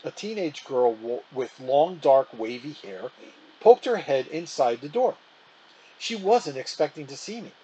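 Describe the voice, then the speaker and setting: A man reading a children's novel aloud in an animated storytelling manner. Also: on the high side, measured pace, husky, poor audio.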